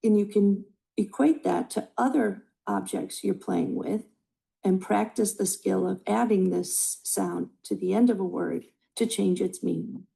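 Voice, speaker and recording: A woman giving a scripted presentation on early language skills, reading in a measured way from prepared notes. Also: mid-range voice, vocal fry, warm tone, low-quality recording. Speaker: student presenter.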